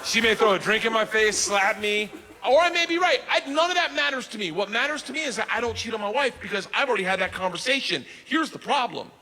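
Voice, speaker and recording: A man telling a long stand-up story, animated, breaking into loud bursts when he quotes himself, recorded on a comedy stage. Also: sits high, fast talker, few pauses, long reverb tail, poor audio.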